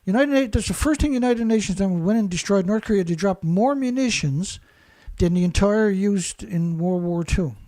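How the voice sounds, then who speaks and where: A man's voice: high-pitched, animated, normal speed, mellow. A man hosting a show and delivering an angry, insult-heavy monologue, repeating himself as he rants. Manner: ranting, insulting, repetitive. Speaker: show host.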